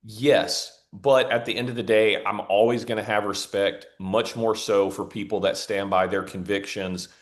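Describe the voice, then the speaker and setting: Low-voiced chatty male podcast host. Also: steady tone, moderate pace, few pauses. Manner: chatty storyteller with fillers and warm affirmations. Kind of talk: casual interview talk.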